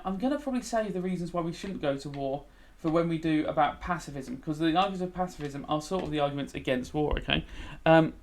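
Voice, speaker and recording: A man gives a relaxed revision lesson as he plays a game, sounding a little tired and yawning at times. His voice sits a touch high, and he keeps checking in with "okay?" while keys clack behind him. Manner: chatty, frequent "okay?" check-ins, talks while typing. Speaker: teacher.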